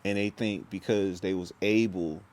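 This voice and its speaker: A man's voice: deep voice, steady tone, normal speed, darkish tone. A young man talking to camera in a rambling, intense vlog monologue, full of restarts and slang. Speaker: vlogger.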